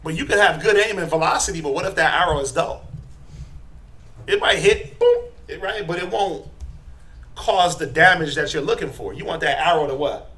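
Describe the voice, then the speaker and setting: A middle-aged man teaching a Bible class, quizzing his students and tagging his points with "right?", building to forceful emphasis. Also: fairly high pitch, normal speed. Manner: asks the class questions, tags lines with "right?".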